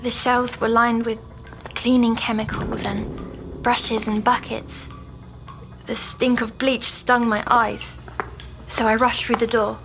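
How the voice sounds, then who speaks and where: An actress playing a haunted young woman patient in an audio drama, recounting a nightmare in a hushed, halting, often whispered voice. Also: fairly high pitch, level tone, soft background music. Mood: urgent recall. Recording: noisy background hum.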